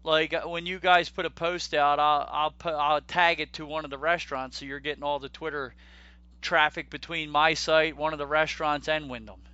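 A bright, somewhat high-voiced man hosting a podcast, chatty and quick to laugh. He stumbles over his words now and then. The sound is dry and close, with faint music underneath. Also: steady tone, clear, resonant tone, no room sound, dull audio. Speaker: podcast host. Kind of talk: casual podcast chat.

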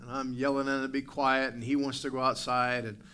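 Bright-voiced male pastor preaching. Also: mid-range voice, a little fast, slight background noise. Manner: animated preaching, acts out barking dog and asides to the congregation. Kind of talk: sermon. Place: church sanctuary.

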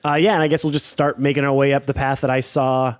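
A man's voice: medium pitch, level tone, quick pace, no room sound. A man playing a tabletop game, laughing and joking in casual chat. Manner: laughing, playful. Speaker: player.

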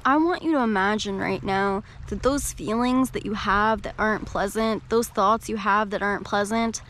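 A woman coach and podcast host giving a reflective talk in a gentle, slow, soothing way. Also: mid-range voice, a little hiss or hum.

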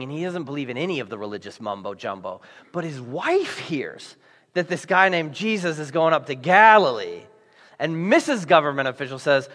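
A male pastor delivering a conversational sermon to a church audience, acting out the story as he tells it. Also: fairly high pitch. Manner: conversational, animated, acts out the story. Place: church auditorium. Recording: echoey hall.

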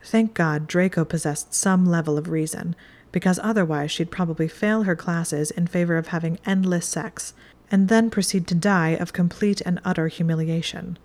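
Calm woman reading a storybook. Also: on the low side, moderate pace. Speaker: audiobook reader. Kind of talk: scripted narration.

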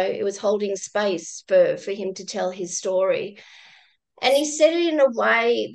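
A woman, a guest, telling a personal work story in a reflective, halting way with many restarts and some laughter. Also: mid-range voice, creaky, rough recording. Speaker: guest, former crisis-line volunteer.

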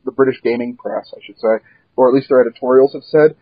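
A man with a slightly husky voice hosts a casual gaming podcast, sharing opinions and correcting himself as he goes. The sound is dry, with muffled lo-fi call audio. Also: medium pitch, fast, dry recording. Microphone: online call.

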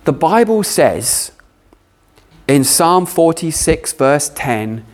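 A man preaching a sermon, animated with playful asides. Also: a little high, takes it slowly. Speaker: pastor.

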